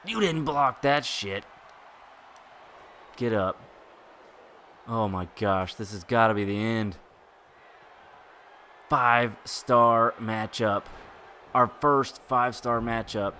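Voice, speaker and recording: A man reacts out loud as he plays a video game, swinging between groans and exclamations. His voice is fairly low and bright, and he talks slowly. A faint hum sits behind him. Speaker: gaming YouTuber. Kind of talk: live gameplay commentary.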